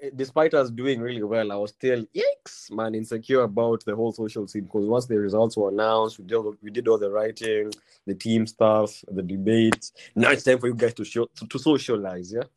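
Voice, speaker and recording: A young man with a Kenyan accent, hosting a casual podcast chat and telling a story, full of "bro" and "man" and quick restarts. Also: on the low side, steady tone. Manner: slangy, repeats "bro" and "man", many restarts. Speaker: podcast host.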